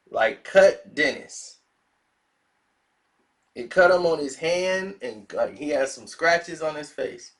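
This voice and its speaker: A man casually telling a wild story, animated and laughing as he acts out the people involved. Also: sits high. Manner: animated, laughing often, playing the characters. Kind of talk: casual anecdote.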